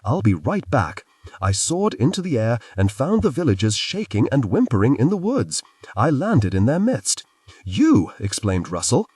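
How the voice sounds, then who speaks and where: A man reads a fantasy novel aloud with a breathy, husky tone and sweeping, animated swings of pitch. His narration is expressive and storytelling-driven. The recording is dry and sits a little back from the mic. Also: normal speed, no echo, far from the mic. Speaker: audiobook narrator.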